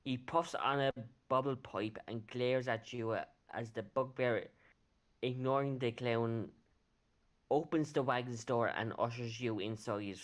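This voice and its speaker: Slow-talking male game master. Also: medium pitch. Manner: unhurried narration with frequent fillers. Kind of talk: narrating a tabletop game.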